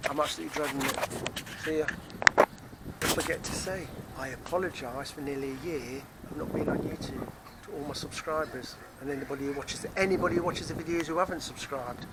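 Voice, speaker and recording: Rambling English vlogger, Nottingham accent, slightly high male voice, phone mic outdoors with clear traffic noise. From England. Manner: chatty, rambling, repeats himself. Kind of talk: casual rambling vlog monologue. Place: outdoors near a car park.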